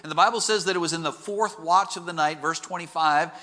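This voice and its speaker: A male pastor preaching a sermon in an auditorium, telling stories with lively rhetorical questions. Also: a little high, brisk, in a large hall. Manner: animated storytelling with rhetorical questions. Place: large auditorium.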